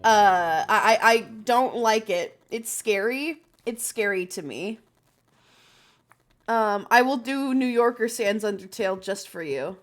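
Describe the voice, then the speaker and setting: A woman's voice: mid-range voice, measured pace. A woman streamer chatting casually while playing a game, nervous and self-deprecating, swearing and restarting her sentences. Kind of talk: casual let's-play chatter.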